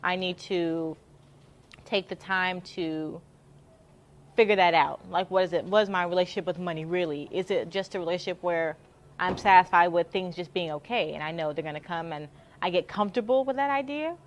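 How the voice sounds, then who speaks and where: A woman's voice: on the low side, normal speed, a little hiss or hum. A young woman from the Houston area telling a story in casual chat, upbeat and chatty, laughing often and repeating herself. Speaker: interviewee in a live stream.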